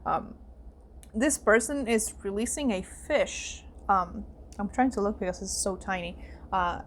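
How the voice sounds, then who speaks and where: A woman's voice: medium pitch, animated, unhurried, a little hiss or hum. Emotional woman giving a card reading. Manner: emotional, fillers and exclamations, voice softening to hushed asides. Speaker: psychic tarot reader. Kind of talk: casual spoken card reading.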